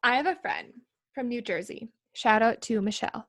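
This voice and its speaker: A woman's voice: on the high side, normal speed, a bit bright. A woman from Minnesota with a Minnesotan accent, hosting a podcast in joking, self-deprecating casual chat. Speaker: podcast host.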